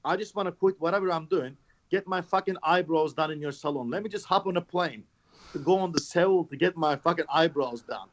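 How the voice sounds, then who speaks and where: Male podcast guest, fairly high voice, lively anecdotes with cursing, slightly muffled lo-fi sound. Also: brisk. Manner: animated storytelling, swears, mimics messages. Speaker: podcast guest, knife maker. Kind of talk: casual chat.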